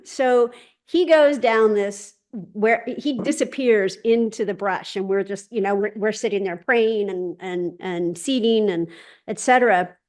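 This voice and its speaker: A woman at a mid-height pitch shares a casual personal story over a video call, as host of a spiritual gathering. She keeps it lively and voices the other people's lines as dialogue. Her sentences often stop and start again. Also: a little slow. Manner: lively, quotes others in dialogue, frequent restarts.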